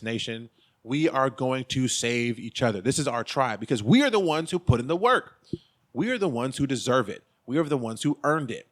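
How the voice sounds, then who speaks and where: Male host, fired-up preachy monologue, punchy repeated lines, mid pitch. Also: sharp tone. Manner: emphatic, preachy, repeats phrases. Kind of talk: fired-up vlog rant.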